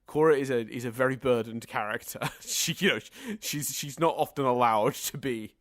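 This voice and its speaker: Recorded without room sound, a man with a medium-pitched, fairly bright voice co-hosts a podcast at a normal pace. His talk is casual and chatty, stretching into long, meandering sentences.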